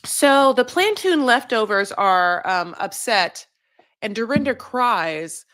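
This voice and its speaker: A woman's voice: on the high side, animated, takes it slowly, fairly bright tone, no room sound, clean studio sound. A woman giving a casual, rambling recap of a reality show, full of "like" and "you know". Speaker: recap vlogger.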